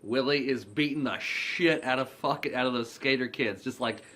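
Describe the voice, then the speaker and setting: A man's voice: mid-range voice, moderate pace, a bit bright. A young man casually recapping a film plot in a rambling, profane way, full of "like". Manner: rambling, profane, heavy use of "like". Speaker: movie reviewer.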